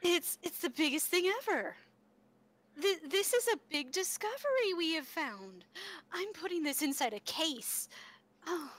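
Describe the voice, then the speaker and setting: A gushing, high-voiced young museum worker who runs on excitement, as a game master puts her on. She speaks slowly, lingering over her words, and her pitch runs up when she gets keen. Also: full character voice.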